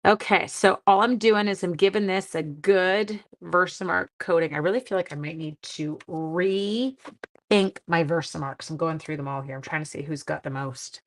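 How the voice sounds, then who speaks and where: Lady doing a card-making live demo, lowish voice, chats w viewers, kinda apologetic. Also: moderate pace. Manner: chatty, talks to the viewers and reads their comments; self-deprecating and apologetic. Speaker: stamping demonstrator and live stream host. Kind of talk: casual craft demo live stream.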